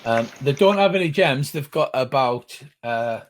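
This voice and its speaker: A man acting as game master, explaining rules and the scene in a measured, patient way. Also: mid-range voice, animated. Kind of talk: running a tabletop game over a call.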